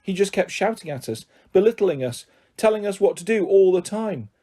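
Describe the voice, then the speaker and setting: A man's voice: fairly high pitch, moderate pace, mellow. A man voicing a timid young mother who speaks in a hesitant, shaky way.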